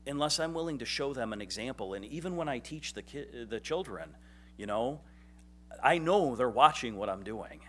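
Male pastor preaching in an easygoing, self-mocking style, slipping into acted-out dialogue; medium pitch with faint background hum. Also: lively intonation, moderate pace, a bit bright. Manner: conversational, self-deprecating, acts out quotes. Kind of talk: sermon.

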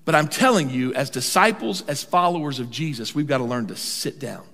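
An older man preaching a sermon as pastor, animated and humorous, drawing out key words for emphasis. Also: medium pitch, a little fast, gravelly. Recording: long hall reverb.

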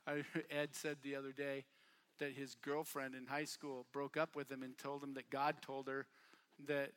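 A man preaching a sermon at a youth camp, casual and repetitive, building from quiet talk to shouting bursts. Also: mid-range voice, level tone, moderate pace, smooth. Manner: casual, repeats phrases for emphasis. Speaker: youth pastor. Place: camp meeting hall.

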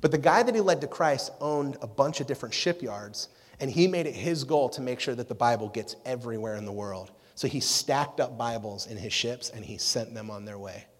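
A man's voice: mid-range voice, animated, fairly quick. A man giving a youth sermon as a pastor, telling stories casually and animatedly and often checking in with "right?". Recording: echoey hall reverb.

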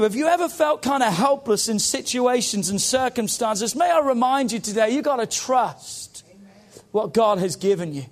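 Male pastor, high-pitched, impassioned sermon delivery with congregation call-outs. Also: lively intonation, moderate pace. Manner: impassioned, rising and falling preaching with call-outs.

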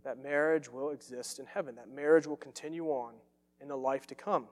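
A man's voice: mid-range voice, fairly even intonation, brisk, in a large hall. A man preaching a sermon as pastor, earnest and emphatic, repeating phrases for stress.

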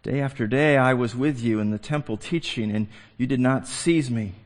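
A middle-aged man preaching a sermon as a pastor, swinging from hushed, slow phrases to emphatic, excited ones. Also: mid-range voice.

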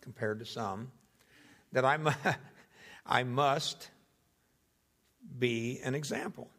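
A young man preaching, teaching through a Bible passage in a measured, deliberate way and going through its translations one by one. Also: mid-range voice, gravelly, fairly bright tone, in a large hall. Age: young adult. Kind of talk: expository Bible sermon.

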